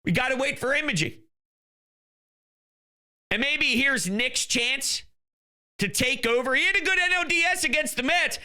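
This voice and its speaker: High, sharp-voiced ranting sports fan man. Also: expressive, normal speed, pauses often. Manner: ranting, exasperated, insults critics; swings between loud outbursts and muttering. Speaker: sports commentator. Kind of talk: sports rant vlog.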